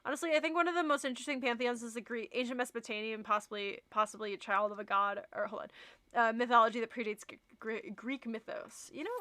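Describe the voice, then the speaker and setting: A young woman streaming live, chatting casually with her viewers and reading their messages aloud. Her voice is bright and fairly high. She laughs easily, and the sound is dry and close to the mic. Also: fast talker, dry recording.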